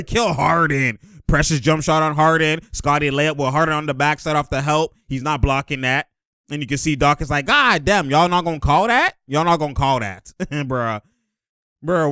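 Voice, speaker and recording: A man hosting a casual breakdown of game footage, excitable and slangy, laughing often as he talks through plays. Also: a little high, clear, resonant tone, no room sound, clean studio sound. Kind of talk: casual play-by-play film breakdown.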